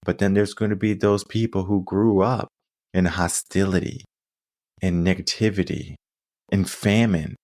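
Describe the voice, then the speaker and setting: Deep-voiced earnest male coach. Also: fairly even intonation, unhurried, darkish tone, dry recording, studio quality. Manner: earnest storytelling with frequent asides. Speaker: coaching podcast host. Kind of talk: solo coaching monologue.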